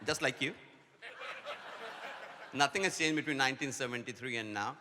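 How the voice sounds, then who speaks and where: A man, giving a humorous preaching keynote at a conference as a playful storyteller who rattles off quick repetitions. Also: mid-range voice. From India. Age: 60s. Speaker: conference speaker. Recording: long hall reverb, faint noise.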